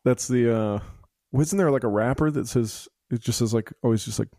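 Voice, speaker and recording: Halting, mellow-voiced radio host man. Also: medium pitch. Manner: halting and relaxed, many "like" and "uh". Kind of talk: casual radio interview.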